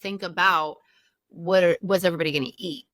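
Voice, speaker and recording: Chatty laughing mom co-host, lowish voice. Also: female voice, steady tone, a little fast, a bit bright. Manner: laughing, chatty, swears casually. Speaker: podcast co-host. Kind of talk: casual chat.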